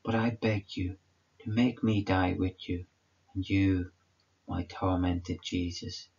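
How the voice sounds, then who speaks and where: A man reads a devotional meditation in a solemn, prayerful way. His voice is very deep and husky with a gravelly edge, and it is heard through a dull lo-fi recording. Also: fairly even intonation, takes it slowly, darkish tone. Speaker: devotional reader.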